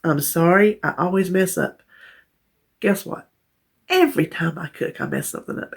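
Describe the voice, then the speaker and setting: A woman with a drawl talks straight to her viewers, calling them y'all and poking fun at herself. Her voice has a gravelly, husky texture. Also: fairly low pitch, expressive, normal speed. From North Carolina. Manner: chatty, self-deprecating, warm addressing viewers as y'all. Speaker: vlogger. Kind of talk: casual chat to camera.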